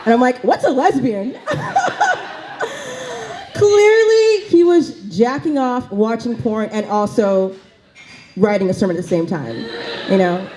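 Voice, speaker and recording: A woman's voice: mid-range voice, normal speed, dark tone, slight background noise, low-quality recording. A woman doing a stand-up comedy set in a small cafe, chatty and full of fillers and asides.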